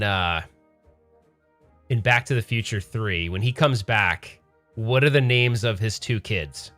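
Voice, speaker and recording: A man's voice: fairly low pitch, pushed and bright. A man hosting a casual pinball livestream, rambling and correcting himself as he chats with viewers. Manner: rambling, self-correcting, chatty with chat. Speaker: pinball streamer host.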